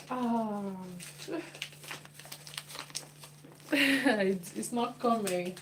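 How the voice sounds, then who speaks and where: A woman talks slowly and casually as she cooks, repeating words while she works. Her voice sits at an ordinary middle pitch. The kitchen recording is noisy, with clicks in the background. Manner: chatty, repeats phrases while working. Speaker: cooking vlogger. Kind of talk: casual cooking demonstration. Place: home kitchen.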